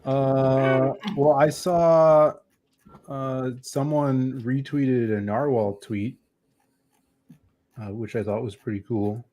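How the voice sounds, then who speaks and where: A man's voice: mid-range voice, fairly even intonation, slow, dark tone. A young man co-hosting a casual podcast, laid-back and hesitant. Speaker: podcast co-host. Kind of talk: casual chat.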